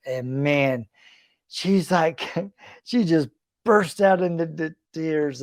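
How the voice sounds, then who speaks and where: A man's voice: a little high, darkish tone, no room sound, clean studio sound. A middle-aged man hosting a podcast, telling a heartfelt personal story in an earnest, reflective, conversational way. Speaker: podcast host.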